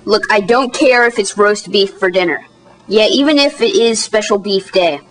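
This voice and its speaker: A young woman doing all the voices in a homemade toy-figure animation, jumping from one character to the next with big pitch swings. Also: moderate pace. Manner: switches pitch wildly between characters, often squealing high.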